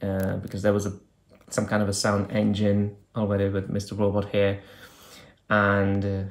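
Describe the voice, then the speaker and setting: A man's voice: fairly low pitch, monotone, normal speed. A man reviewing an old phone, talking casually and thinking aloud with hesitant fillers as he clicks through menus. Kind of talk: casual hands-on product demo.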